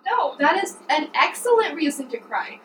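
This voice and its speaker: A woman chatting casually on a podcast, explaining things in a lively, talkative way and laughing often. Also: sits high, normal speed, echoey room, recorded from a distance, a little hiss or hum, low-quality recording. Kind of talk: casual conversational chat.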